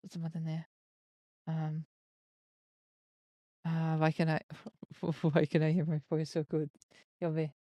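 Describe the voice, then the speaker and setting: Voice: medium pitch, monotone, takes it slowly, pauses often, no echo. A streamer reading a visual novel's text aloud and reacting playfully, dropping in Japanese words. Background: soft game music.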